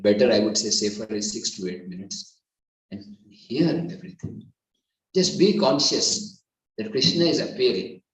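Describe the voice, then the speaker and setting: A man giving an earnest devotional lecture, rising to emphatic loud peaks. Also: medium pitch, distant mic, highs cut off. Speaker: preacher. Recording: echoey hall, voice from off-mic.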